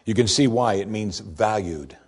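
A man preaching a sermon as pastor, expressive, rising for emphasis and dropping soft and low when quoting scripture. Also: moderate pace, slightly rough.

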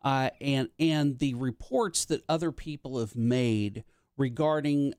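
A man hosting a radio talk show, speaking in a measured, halting way with fillers. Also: medium pitch, a little mellow, clean tone, no room sound, clean studio sound. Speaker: radio host.

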